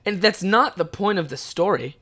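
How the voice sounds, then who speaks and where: A young man from Ontario hosts a podcast, telling stories in a loose, rambling way. He swears freely and laughs often. His voice sits a little high for a man. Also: animated, moderate pace, pushed and bright. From Ontario, Canada. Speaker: podcast host. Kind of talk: casual storytelling.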